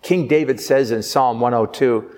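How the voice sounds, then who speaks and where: Earnest priest preaching in a reverberant church. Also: male voice, mid-range voice, normal speed, darkish tone. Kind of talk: sermon.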